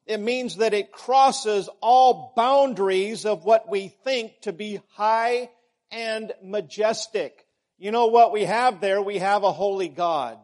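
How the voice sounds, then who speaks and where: Slow, high-voiced male preacher. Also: a little mellow. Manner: measured, emphatic repetitions, rising on key words. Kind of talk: sermon.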